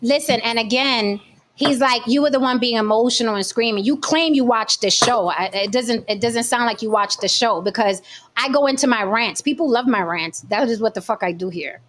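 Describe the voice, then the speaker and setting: A woman hosting a heated panel debate, with a high voice that climbs sharply when she gets going. She repeats herself for emphasis and rants before settling back down. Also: moderate pace, a little hiss or hum. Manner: animated, repeats phrases, rants then calms. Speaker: podcast host.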